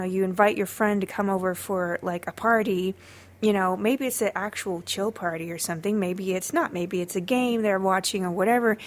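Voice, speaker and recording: A woman hosting a dog training podcast, talking casually with sarcastic asides and frequent fillers. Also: medium pitch. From Los Angeles area.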